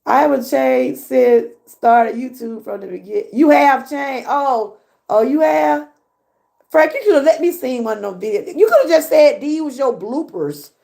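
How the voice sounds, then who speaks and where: High-pitched and dark-toned, with vocal fry at an ordinary speed, this woman hosts a casual livestream in a Southern accent from Georgia, US. She's chatty, laughs often and responds to her chat.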